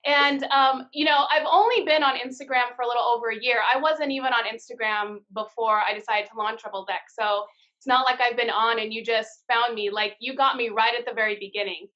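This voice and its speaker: Bright, frank woman swearing freely. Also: a little high, steady tone, a little fast. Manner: candid storytelling with frequent swearing. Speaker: guest, card-deck founder. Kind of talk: casual live-stream interview. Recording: dull lo-fi live-stream audio.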